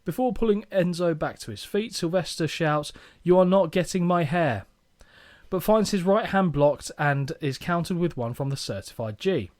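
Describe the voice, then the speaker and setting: A young man reads a match recap on a podcast with a slightly raised voice. His delivery is lively, and his pitch moves a lot. He keeps breaking off into playful jokes. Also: moderate pace, hardly any pauses. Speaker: podcast co-host. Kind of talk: casual chat reading a match recap.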